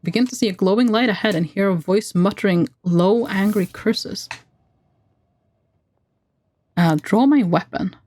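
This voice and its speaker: A woman streamer reading a text adventure game aloud, with playful asides and brisk narration. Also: mid-range voice, a little mellow.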